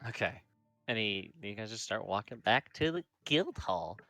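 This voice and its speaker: A man narrating a tabletop game as game master, rambling with lots of fillers and slipping into quick character quotes. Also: on the low side, big pitch swings, sharp tone, dry recording, faint music behind. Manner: rambling, full of fillers like "like" and "kinda".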